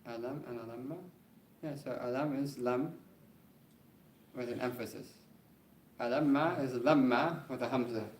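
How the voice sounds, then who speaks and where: A man teaching an Arabic grammar class, reading the text quickly and then explaining it slowly, often checking in with "right?". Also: mid-range voice, fairly even intonation. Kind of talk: classroom lesson. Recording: roomy classroom with faint background noise.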